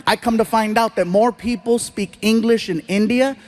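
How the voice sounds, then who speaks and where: High-voiced animated stand-up comedian, male. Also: moderate pace. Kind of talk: stand-up storytelling.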